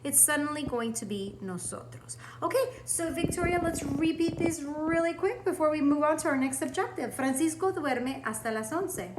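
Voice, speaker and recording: A woman teaching a recorded language lesson to students, upbeat and encouraging, speaking clearly and slowing down to model example sentences. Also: high-pitched, background noise.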